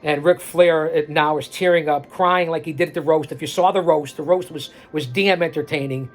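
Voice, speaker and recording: A man's voice: fairly high pitch, steady tone, normal speed. A man hosting a show, casually rambling his commentary over a video clip. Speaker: host.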